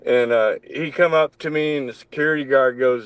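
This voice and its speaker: A man's voice: mid-range voice, fairly quick, clean tone, no echo, low-quality recording. A man who worked on a festival telling stories in a rambling, profane casual chat. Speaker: festival crew member.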